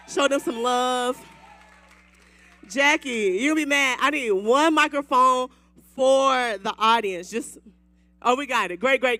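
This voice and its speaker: A woman hosting a women's Bible study gathering, hyping up the audience and calling for applause. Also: sits high. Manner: animated, hypes the crowd with whoops. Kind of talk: lively church event hosting. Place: event hall with live audience.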